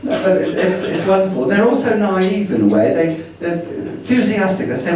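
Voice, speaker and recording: A man telling travel stories at a slide-show talk, rambling along and acting out the voices in his anecdotes. His voice is fairly high but dark and mellow. He is picked up from a distance, with a lot of echo from the hall. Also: lively intonation, brisk, few pauses. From Britain. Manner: chatty and rambling, acting out quoted dialogue. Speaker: speaker at a travel meeting. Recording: roomy hall, distant mic.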